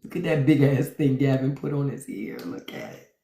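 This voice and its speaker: A woman's voice: rumbling low, normal speed, vocal fry, dark tone. A woman hosting a livestream, giving blunt, profane, mocking commentary straight to her viewers. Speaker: livestream host. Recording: roomy echo.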